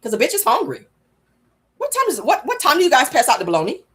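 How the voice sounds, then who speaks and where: A woman doing a giddy jailbird lady, clueless, chatty, high, very lively. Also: fast, exaggerated voice. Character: giddy woman excited to be in jail.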